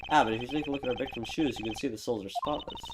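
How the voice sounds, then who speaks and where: A man voicing a calm, composed male prosecutor who explains his reasoning in a measured, quiet way. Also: mid-range voice, very noisy, natural voice. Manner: measured, quiet, self-assured.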